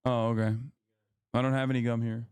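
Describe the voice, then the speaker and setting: A man's voice: mid-range voice, little pitch movement, fairly quick, a little mellow, clear, resonant tone, dry recording. A man hosting a stream, reacting to clips with sarcastic, profane political commentary. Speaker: streamer host.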